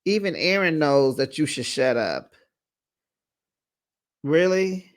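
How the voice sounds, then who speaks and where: A host recapping reality TV episodes in a chatty, sassy way, with drawn-out asides. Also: mid-range voice, sing-song. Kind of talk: casual recap commentary.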